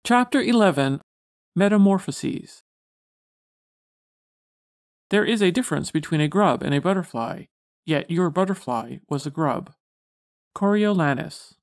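A woman's voice: on the low side, expressive, darkish tone. Woman reading an old storybook. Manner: measured, formal reading. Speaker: audiobook narrator. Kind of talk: scripted narration.

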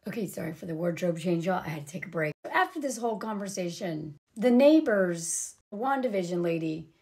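A young woman giving a casual, sarcastic film recap, animated, and peppering her talk with "like" and "literally.". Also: fairly low pitch, brisk, gravelly. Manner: animated, sarcastic, acts out characters' lines; frequent "like" and "literally" fillers. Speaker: vlogger.

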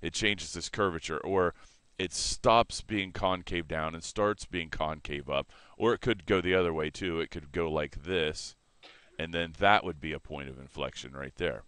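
A man teaching a math lesson in a relaxed way, correcting himself and explaining as he sketches on a board. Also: low-pitched, moderate pace, clean tone, no echo.

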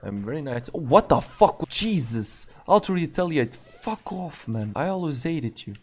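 Excitable young man commenting on gameplay. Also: fairly high pitch, unhurried, slight background noise. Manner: excitable, swears often, talks to himself. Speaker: gaming video creator.

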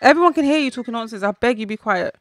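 A young woman reacting out loud while playing a football video game, shouting, groaning and talking to people in the room. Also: on the high side, lively intonation, racing, dry recording. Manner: talks back to people in the room. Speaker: gaming YouTuber.

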